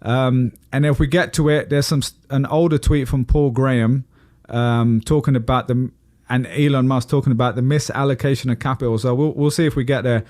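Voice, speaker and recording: A man's voice: medium pitch, steady tone, brisk, darkish tone, no room sound, studio quality. A man co-hosting a casual podcast chat, talkative and easy to laugh, steering the topics and asking his co-host questions. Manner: chatty, laughs easily, asks co-host questions.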